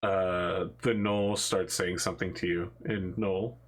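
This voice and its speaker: A man's voice: sits low, flat delivery, unhurried. A man narrating a tabletop game as its game master, casual and amused, breaking into laughs as he describes the scene. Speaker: dungeon master.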